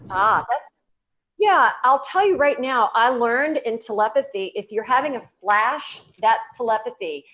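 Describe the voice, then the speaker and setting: A woman with a Southern US accent talks a little slowly in a slightly high voice, and the audio is poor. She's a guest psychic medium in a casual interview whose talk on healing is earnest, spiritual, and animated, full of restarts.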